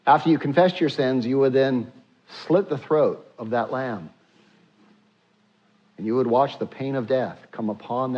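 Male pastor, mid pitch, preaching with lots of uhs, slightly muffled recording. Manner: preaching with frequent filler sounds, acting out prayers in a hushed voice. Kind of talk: sermon.

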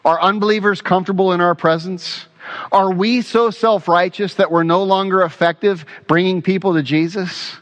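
A man's voice: high voice, fairly even intonation, moderate pace, fairly bright tone. A man preaching a sermon as pastor, earnest and emphatic, repeating his key phrases.

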